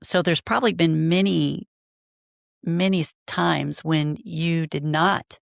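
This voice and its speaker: Gravelly-voiced woman podcast host. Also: low voice, fairly even intonation, slow, dry recording, clean studio sound. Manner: thoughtful, searching questions. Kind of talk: podcast interview.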